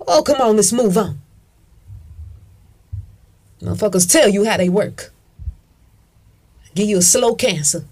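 A woman's voice: mid-range voice, animated, a little slow, long pauses, a little mellow. A woman talking straight to her viewers in a casual rant, emphatic and profane, repeating herself, calling listeners "honey" and answering her own questions. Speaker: video commentator. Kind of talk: casual ranting monologue.

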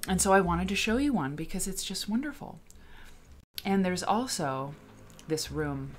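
Chatty woman host with a lowish voice. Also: sing-song, a little slow, long pauses. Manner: chatty, rambling, greets viewers by name. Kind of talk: casual livestream chat.

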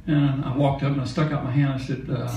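A man's voice: mid-range voice, level tone, brisk, mellow, slight background noise. An older man tells a folksy, rambling story from a concert stage, with a laugh slipping in here and there. His voice reaches the mic from a little way off and rings around a roomy hall, with faint crowd ambience behind. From Mississippi. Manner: folksy, chatty, laughing now and then. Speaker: musician telling a story on stage. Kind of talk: onstage storytelling. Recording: echoey concert hall from a distance.

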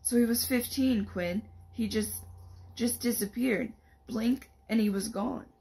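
A woman reading the lines of a young teen boy who tries to keep his friends calm, in an earnest, reassuring manner. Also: a little high, a little slow, vocal fry, husky, full character voice. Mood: urging.

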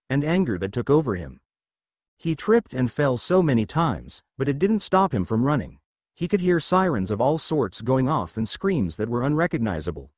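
A man reading fan fiction aloud as narrator, in a steady storytelling manner. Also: medium pitch, no echo.

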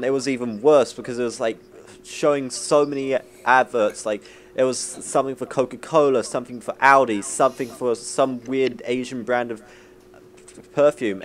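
A young man from New Zealand, hosting a casual group chat and rambling jokily through ideas. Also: mid-range voice. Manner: rambling, jokey, animated when acting out ads. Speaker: vlog host.

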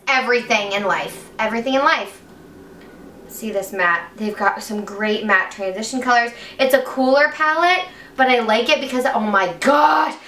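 A woman's voice: fairly high pitch, bright, forceful tone. A young woman beauty vlogger chatting through an unboxing, gushing and gasping with breathless enthusiasm. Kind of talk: excited unboxing chat. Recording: echoey room, mic at a distance, faint hiss.

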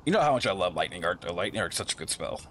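A man's voice: sits low, sing-song, very fast, fairly bright tone. A man commentating casually over a game he is playing, rambling and thinking aloud. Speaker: gameplay streamer.

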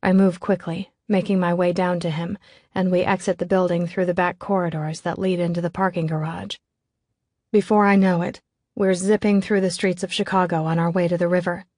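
A woman's voice: on the low side, flat delivery, fairly quick, a little mellow, no echo, clean studio sound. A woman reading a novel aloud in scripted first-person narration, in a tense, controlled way. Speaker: audiobook narrator.

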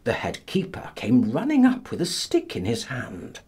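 A man narrating a classic novel as an audiobook in a dramatic, expressive manner. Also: mid-range voice, normal speed, slightly rough.

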